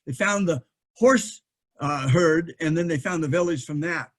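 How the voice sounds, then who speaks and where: Brief: middle-aged male lecturer, voice a touch high, halting delivery with many ums and restarts. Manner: thinking aloud, frequent fillers and restarts. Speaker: historian giving a lecture. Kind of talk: lecture presentation with slides.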